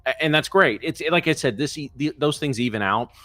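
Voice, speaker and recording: A man's voice: mid-range voice, fairly quick, sharp tone, no room sound. A man co-hosting a live trading show, chatting casually and joking, rambling with many fillers and restarts. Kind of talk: casual chat.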